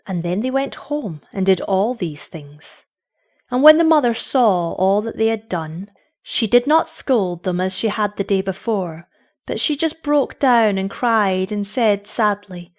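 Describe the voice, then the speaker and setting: A woman narrates a story with a lively, expressive rise and fall in her voice, her pitch sitting mid-range for a woman. Soft music plays faintly beneath the reading. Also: measured pace.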